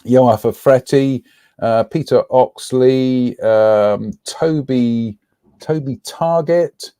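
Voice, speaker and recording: A man's voice: mid-range voice, extremely slow, mellow, smooth, no room sound. Dry-sounding man, chatty live-stream host. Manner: rambling, frequent ums, reading out viewer names. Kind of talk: casual live-stream chat.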